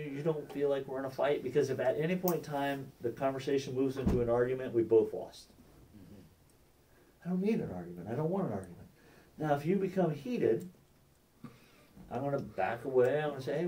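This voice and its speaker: A man's voice: medium pitch, mellow, distant mic, a little hiss or hum. A man teaching a church class on sharing faith, talking conversationally, checking in with the class and acting out quoted exchanges. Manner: conversational, asks the class questions, acts out quoted dialogue.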